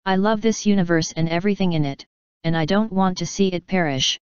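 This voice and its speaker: A calm, earnest female story spirit, reflective and sincere, as a woman reads her out. The voice is low-set and very clear. The recording is dry and a little dull. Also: fairly quick, dry recording, close to an everyday voice. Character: sentient female story narrative, calm and wise.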